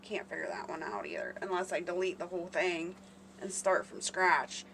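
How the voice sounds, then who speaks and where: A woman's voice: lowish voice, big pitch swings, moderate pace, background noise. A woman hosting a casual live stream, rambling and chatting with her viewers by name. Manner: chatty, rambling, talks to chat readers by name.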